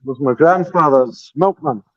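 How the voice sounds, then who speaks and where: A man's voice: a little high, a little slow, no echo, muffled recording, soft background music. A man with an Edinburgh Scottish accent chatting casually on an online voice call through headphones, swearing now and then. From Scotland. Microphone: new headphones, holding phone.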